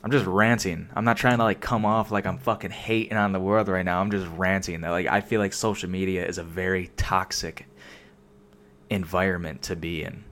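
This young man has a deep voice with a steady tone, speaking at a moderate pace and sounding a bit bright; there's slight background noise. A solo vlogger, he rants casually and without a script into a desk microphone, rambling with plenty of filler words and swearing constantly.

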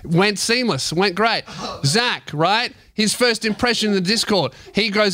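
An Australian man hosting a comedy podcast, loud and joking, teasing his co-host and swearing freely into a studio microphone. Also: high-pitched, measured pace, hardly any pauses. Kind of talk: crude comedic podcast banter.

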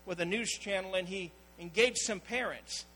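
A man's voice: high voice, moderate pace, sharp tone, a little hiss or hum, low-quality recording. A man preaching a sermon as pastor, telling stories and acting out the people in them. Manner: storytelling preacher, acting out quoted voices.

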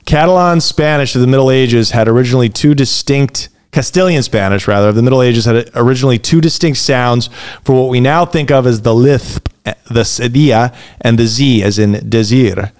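A man co-hosting a podcast, joking crudely in casual banter, often rising into loud excited bursts. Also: mid-range voice, normal speed, smooth. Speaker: podcast co-host.

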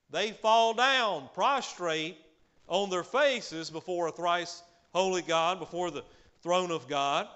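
A man preaching a sermon, emphatic, swinging between loud declarations and quiet asides, often adding "hallelujah.". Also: high voice. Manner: peppers speech with hallelujah.

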